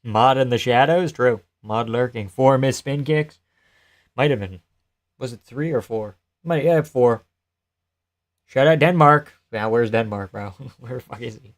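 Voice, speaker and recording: A man's voice: medium pitch, a little slow. A young man hosting a live fight reaction stream, reading chat aloud, swearing and laughing often as he jokes. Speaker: livestream host.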